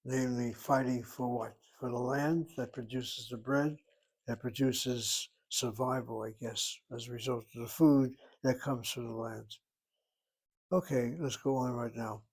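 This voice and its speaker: A man teaching an informal class, talking through grammar step by step. His voice sits at an ordinary middle pitch, and he thinks aloud as he explains. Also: fairly even intonation, measured pace, darkish tone, slightly rough, poor audio. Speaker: Hebrew teacher. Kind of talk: informal recorded class lesson.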